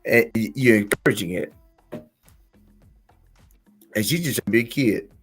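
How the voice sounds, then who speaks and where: A man hosting a casual talk, telling stories with lively acted-out quotes and laughing at his own jokes. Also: lowish voice, unhurried, breathy edge, faint music behind. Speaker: podcast host. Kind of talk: casual conversational commentary.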